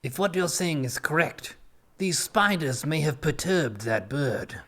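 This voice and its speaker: Bright-voiced man, quiet tabletop player. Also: a little high, lively intonation, unhurried.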